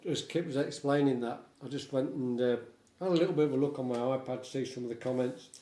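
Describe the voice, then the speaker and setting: A man's voice: mid-range voice, fast talker, dark tone. An older man, a folk musician, chatting casually in a rambling, self-mocking way at a home concert. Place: home lounge. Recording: roomy, away from the mic.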